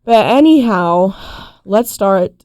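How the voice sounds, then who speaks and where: A young woman co-hosting a casual college podcast, upbeat and laughing often, with a raspy morning voice. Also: medium pitch, expressive, takes it slowly, a little mellow, no room sound, clean studio sound. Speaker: co-host. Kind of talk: casual chat.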